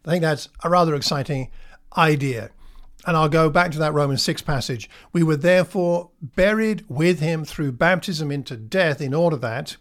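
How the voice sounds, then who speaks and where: A man preaching a sermon in a reflective, conversational way, with slow, emphatic pauses. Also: a little high.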